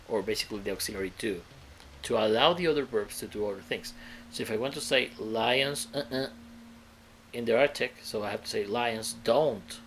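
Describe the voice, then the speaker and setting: A man's voice: lowish voice, creaky, a bit bright, slight background noise. A man teaching an English grammar lesson, explaining step by step and often checking in with the viewer.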